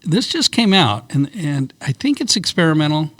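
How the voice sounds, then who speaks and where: A man's voice: on the high side, very animated, normal speed, a bit bright, dry recording. A middle-aged man co-hosting a casual podcast, reading out news items with laughs and stumbles.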